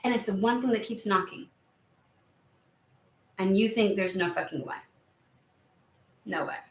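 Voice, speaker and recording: A woman's voice: medium pitch, a little slow, reverberant. A woman giving a casual tarot reading, chatty and emphatic, who swears now and then. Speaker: tarot reader.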